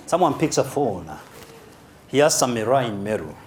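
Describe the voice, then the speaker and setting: A man with a Kenyan accent giving a humorous, animated live seminar talk as a motivational speaker, spelling key words aloud. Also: medium pitch, moderate pace, very noisy.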